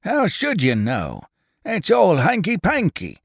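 A man voicing an excitable, stubborn old farmer who shouts his objections. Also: high voice, slow, gravelly, breathy edge, no room sound, studio quality, voice pushed up, full character voice. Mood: agitated. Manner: shouting, insistent.

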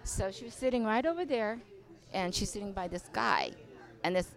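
An older woman, a veteran dancer, telling stories in a casual interview, animated and swearing freely, acting out other people's voices. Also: mid-range voice, moderate pace, creaky. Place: inside a bar venue. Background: faint music.

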